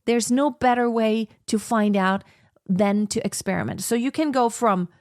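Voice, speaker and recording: A woman teaching singing, explaining slowly and breaking into sung operatic soprano examples. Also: on the high side, darkish tone, no echo, clean studio sound, soft background music. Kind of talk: vocal lesson with sung demonstrations.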